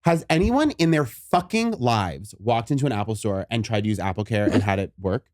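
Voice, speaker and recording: A man's voice: fairly low pitch, fairly quick, dry recording, clean studio sound. A man co-hosting a podcast, ranting with lots of swearing in a casual chat. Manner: animated ranting, swears a lot. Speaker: podcast co-host.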